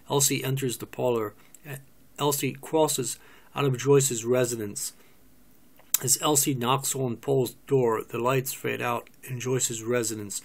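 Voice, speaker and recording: A man reading a play's stage directions aloud in a measured, matter-of-fact way. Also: mid-range voice, fairly even intonation, gravelly. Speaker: narrator.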